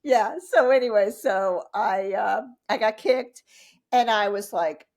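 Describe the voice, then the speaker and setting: Animated woman telling stories with laughs. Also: medium pitch, takes it slowly. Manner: animated, laughs often, acts out quotes. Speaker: podcast guest, triathlete and coach. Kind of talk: casual interview storytelling.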